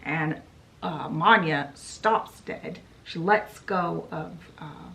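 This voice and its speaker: Slow, chatty woman book vlogger. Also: deep voice, gravelly, a bit bright, low-quality recording. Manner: storytelling with fillers like "she's like". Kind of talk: casual book summary.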